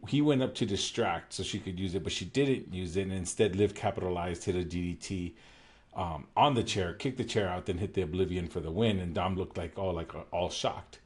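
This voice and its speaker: Casual co-host, male, very low voice, rambling recap chat. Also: fairly quick. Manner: rambling, with many fillers and self-corrections. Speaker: podcast co-host.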